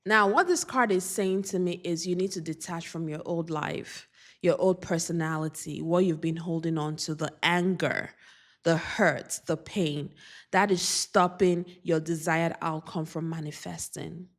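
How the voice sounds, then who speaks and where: A woman's voice: fairly low pitch, steady tone. A woman doing a spiritual oracle card reading, speaking earnestly and repeating affirmations. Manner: slow, repetitive, earnest affirmations.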